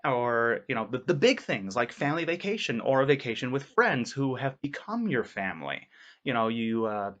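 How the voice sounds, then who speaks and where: A man's voice: medium pitch, sing-song, normal speed, a bit bright, muffled recording. A man voice actor talking casually in a vlog, rambling with many fillers in an earnest way. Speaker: voice actor vlogger.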